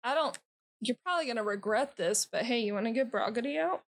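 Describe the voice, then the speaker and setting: A woman playing a tabletop game, quick with wry quips. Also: a little high, expressive. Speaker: player.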